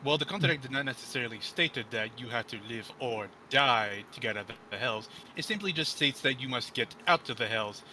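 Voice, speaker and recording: A man's voice: medium pitch, brisk, hardly any pauses, sharp tone, a little hiss or hum, poor audio. A man playing a tabletop game, arguing a contract point in character with lawyerly, probing questions. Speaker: player.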